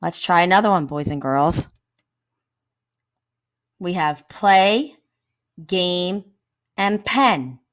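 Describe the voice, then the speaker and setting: A woman teacher giving a phonics lesson to children. She sounds out words slowly, speaks straight to the pupils and praises them often. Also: fairly low pitch, lively intonation.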